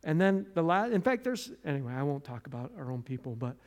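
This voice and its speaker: A man from the United States giving a conversational sermon as pastor, with restarts and asides, loud and animated in stories, soft and low in prayer. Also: fast talker.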